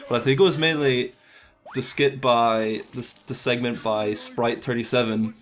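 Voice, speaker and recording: A man's voice: mid-range voice, steady tone, normal speed. A young man, an animator, talking casually in an interview, rambling and self-deprecating, with casual swearing.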